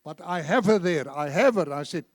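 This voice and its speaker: Older male preacher in his seventies, high voice, dry close sound, lively storytelling sermon. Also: moderate pace, dry recording. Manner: animated storyteller, acts out dialogue. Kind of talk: sermon with told anecdotes. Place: church.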